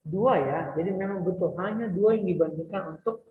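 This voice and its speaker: High-voiced teacher in an echoey hall. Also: male voice, fast talker, slight background noise. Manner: switches between English and Indonesian, asks students questions. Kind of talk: classroom explanation. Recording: echoey hall over a tinny line.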